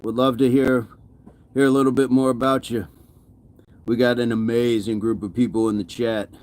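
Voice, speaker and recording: A man's voice: medium pitch, level tone, moderate pace, darkish tone. A man hosting a fitness livestream, upbeat and chatty, reading viewer comments, greeting people by name and laughing often.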